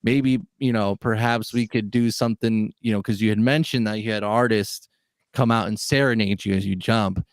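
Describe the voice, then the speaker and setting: A man's voice: fairly low pitch, steady tone, moderate pace, dry recording. Male co-host, casual and rambling, dry room. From Chicago area. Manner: rambling, many fillers and restarts. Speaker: podcast co-host. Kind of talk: casual interview chat.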